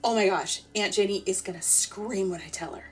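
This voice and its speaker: A woman narrating a playful, deadpan comic sleep story in the first person. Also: mid-range voice, brisk, soft background music. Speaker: podcast storyteller.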